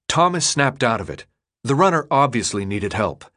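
A man narrating an audiobook in a steady, expressive reading. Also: medium pitch, normal speed. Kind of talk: scripted narration.

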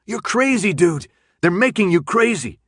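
A man voicing a brash, blunt teenage boy who shouts. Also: mid-range voice, unhurried, dry recording, clean studio sound, pitched above the performer's own voice, natural voice. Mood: shouting.

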